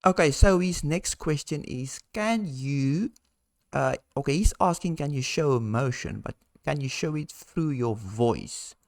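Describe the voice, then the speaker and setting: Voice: medium pitch, animated, a little slow, a little mellow, no echo, studio quality. A channel host relaying viewer questions in casual, hesitant chat. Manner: hesitant, with restarts.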